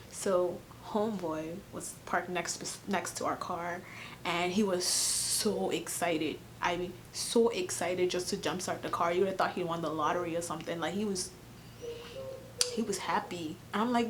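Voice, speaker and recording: A young woman from Cameroon telling a story on her channel, animated and sarcastic, laughing often. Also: fairly low pitch, normal speed, slight background noise. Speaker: YouTuber. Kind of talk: casual storytime vlog.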